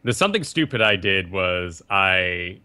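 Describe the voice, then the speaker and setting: A young man co-hosting a casual gaming podcast, telling rambling, animated stories. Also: sits low, unhurried, smooth. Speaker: podcast co-host.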